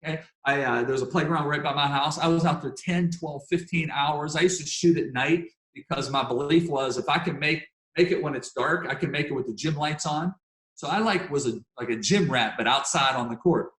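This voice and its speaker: A man telling a personal story in an interview, in an animated, emphatic way with casual fillers. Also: fairly high pitch, fairly quick. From Pennsylvania, United States. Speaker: guest speaker. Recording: echoey room.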